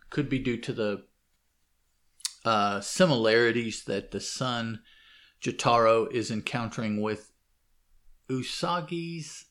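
A man's voice: medium pitch, fairly bright tone. Hesitant man reading a comic aloud. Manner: hesitant, many fillers and self-corrections. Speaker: comic book reader and commentator. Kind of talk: casual read-aloud with commentary.

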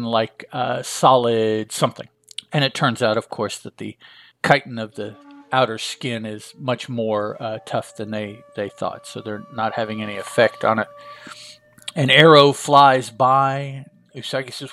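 Gravelly man reading a comic casually. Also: medium pitch, normal speed, a bit bright. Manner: casual, chatty, asides and fillers. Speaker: comic book reviewer. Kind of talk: casual comic read-through.

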